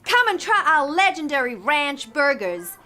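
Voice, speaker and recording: A woman doing a Southern American accent as a cheery, folksy diner owner pitching her place in a radio-style ad. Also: big pitch swings, measured pace, sharp tone, heavily acted. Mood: perky salesy. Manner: upbeat salesy ad pitch. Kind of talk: comedic radio-ad acting.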